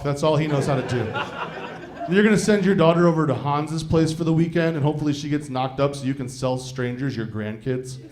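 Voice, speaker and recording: A man from Iowa performing a stand-up comedy set live, talking conversationally, swearing freely, and often checking in with the crowd. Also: a little high. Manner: profane, conversational, often asks the crowd "you know what I mean?". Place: live venue before a laughing audience. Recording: live show with audience laughter. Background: crowd laughter.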